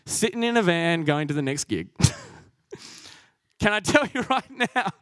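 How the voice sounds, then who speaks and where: A man's voice: high voice, sing-song, takes it slowly, a bit bright, no room sound, clean studio sound. A young man preaching a sermon, earnest and self-deprecating, laughing at himself as he goes.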